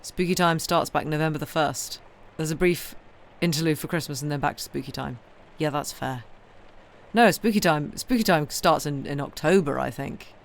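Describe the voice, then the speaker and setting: A tired woman chats casually with her viewers from home, rambling along and filling pauses with lots of ums. She answers chat messages one after another at a relaxed, unhurried pace. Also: deep voice, gravelly. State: tired, yawning. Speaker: livestream host reading books aloud.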